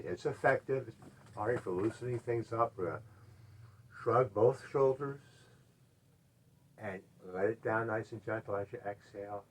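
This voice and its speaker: A middle-aged man leading a gentle chair yoga class, calmly cueing stretches and breaths and often trailing off into quiet murmured "all right"s. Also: unhurried, pauses often, a little hiss or hum. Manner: often drops to a soft, low murmur. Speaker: yoga instructor.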